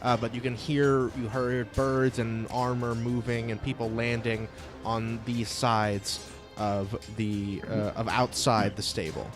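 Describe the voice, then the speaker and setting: A man's voice: medium pitch, level tone, slow pace, music in the background. Male game master with a loose, casual delivery and a habit of cursing. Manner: casual and profane, with frequent filler sounds. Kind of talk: running a tabletop game.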